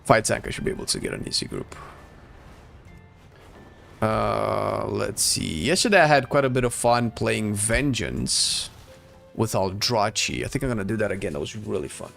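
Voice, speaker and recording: Gravelly guy streaming a game, chill and chatty, faint music behind him. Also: fairly low pitch, animated, normal speed, a bit bright. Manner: chatty, laid-back, answers chat. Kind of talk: casual gameplay commentary.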